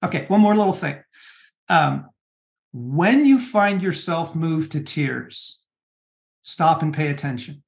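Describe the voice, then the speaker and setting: Middle-aged man, gravelly slightly high voice, earnest interview guest, halting restarts. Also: lively intonation. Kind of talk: conversational interview on spiritual practice.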